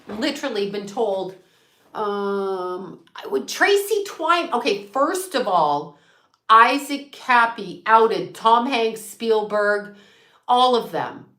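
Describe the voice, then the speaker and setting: A woman's voice: a little high, bright, forceful tone, echoey room. A woman who is a psychic medium, talking in a defiant, profane rant and repeating herself for emphasis on her channel. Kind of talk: ranting livestream chat.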